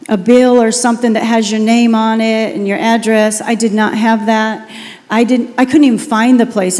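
A pastor's wife tells a personal testimony in an emotional, animated manner. Her voice is fairly high, and it carries the long reverb of a church hall.

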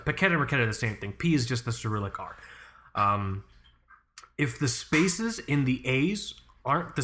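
A man's voice: medium pitch, fairly bright tone. Rambling, swearing male podcast host. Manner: rambling and swearing, heavy use of "like" and "you know". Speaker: podcast host and Soviet watch expert. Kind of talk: casual podcast chat.

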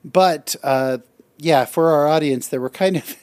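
Co-hosting a podcast, this middle-aged man spins stories in a relaxed conversation and keeps breaking into laughter, lively throughout. He speaks unhurriedly in a slightly high voice, recorded without echo.

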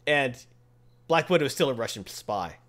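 Animated man retelling a comic. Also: mid-range voice, moderate pace. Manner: animated storyteller, acts out characters' lines. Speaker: comic book podcast host. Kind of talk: casual chat, retelling a comic with put-on voices.

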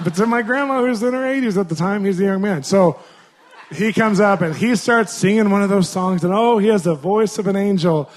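Animated male preacher, higher voice. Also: brisk. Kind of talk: storytelling sermon.

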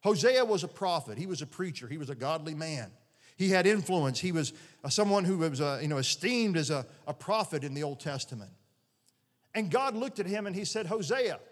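Middle-aged male pastor, earnest and conversational, in a big echoing church. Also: fairly high pitch. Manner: earnest, conversational preaching with many restarts. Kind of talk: sermon. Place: church sanctuary. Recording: long reverb of a large hall.

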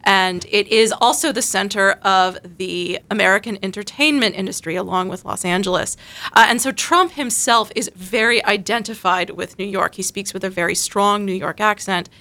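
A woman speaks on a podcast panel with a bright, clear-edged voice. She explains her points in a measured, analytical way, building each idea step by step. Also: mid-range voice.

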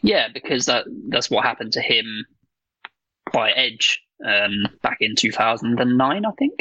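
A man's voice: mid-range voice, animated, a little slow, bright, forceful tone, no echo, highs cut off. A man co-hosting a wrestling podcast in casual chat, rambling with lots of ums, swearing casually and laughing.

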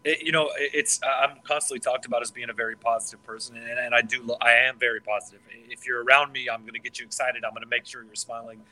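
Excitable, sharp-voiced man chatting on a podcast. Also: mid-range voice, fast, hardly any pauses, rough recording. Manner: excitable, swears freely, stumbles and restarts often. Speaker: podcast co-host. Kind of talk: casual podcast chat.

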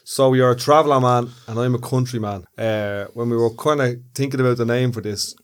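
A man's voice: mid-range voice, fairly even intonation, a little fast, smooth. A man co-hosting a podcast in casual chat, curious, asking questions and joking. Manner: curious, asks questions, jokes. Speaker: podcast co-host.

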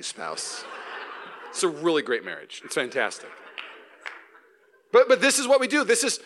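A man preaching a sermon as pastor, animated and joking, often repeating and restarting words. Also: high-pitched. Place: church.

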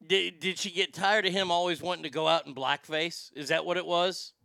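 A man's voice: high-pitched, steady tone, a little fast, creaky, sharp tone, dry recording. A man hosting a comedy show, delivering a crude, rambling monologue. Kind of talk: stand-up style comic monologue.

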